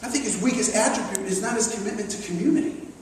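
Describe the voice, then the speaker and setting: Male pastor, very high voice, emphatic sermon delivery, recorded from a distance in a big reverberant hall. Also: fast talker, a little mellow, a little hiss or hum. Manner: emphatic, acts out the disciples and Thomas. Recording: echoey hall recorded from far off.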